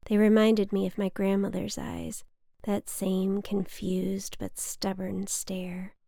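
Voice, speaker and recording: Young woman reading her own memoir, hushed and half-whispered, with creaky fry, in a dry, close-miked sound. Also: medium pitch, monotone, takes it slowly, no room sound. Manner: hushed, often whispered, intimate. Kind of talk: reading a personal essay aloud.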